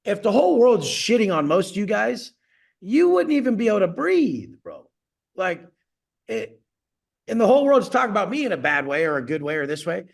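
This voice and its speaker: A man's voice: high voice, very animated, fairly quick, vocal fry. A man coaching clients on a video call, ranting bluntly and profanely, boasting as he goes.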